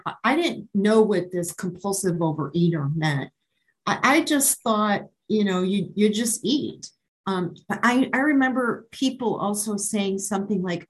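A woman's voice: mid-range voice, low-quality recording. A middle-aged woman from Maryland giving a candid personal testimony at an online support meeting, hesitating often with ums and restarts. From Maryland, USA. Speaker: speaker sharing her recovery story. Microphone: online meeting call.

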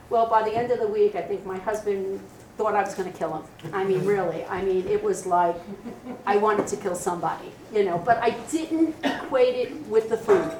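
A woman's voice: medium pitch, fairly quick, distant mic, noisy background. Candid middle-aged woman telling her story. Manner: candid, animated storytelling with acted quotes. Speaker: speaker sharing recovery story. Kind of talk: personal testimony at a meeting. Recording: roomy echo, voice from off-mic.

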